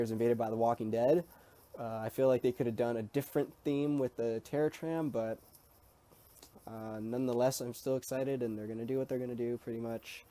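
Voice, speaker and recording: A man's voice: mid-range voice, dark tone. A man vlogging in a casual, rambling way, hesitant and full of ums and restarts. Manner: easygoing and chatty. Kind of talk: casual talk to camera.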